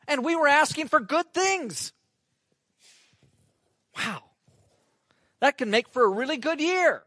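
High-voiced man preaching a sermon. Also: slow, no echo. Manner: earnest, animated, exclamatory. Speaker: pastor. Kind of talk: sermon with scripture reading.

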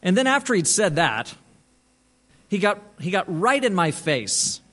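A pastor recounts a story from the pulpit in a loose, conversational manner, often circling back to restart his sentences. His voice sits high for a man and rings bright and clear. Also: big pitch swings, unhurried. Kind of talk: sermon storytelling.

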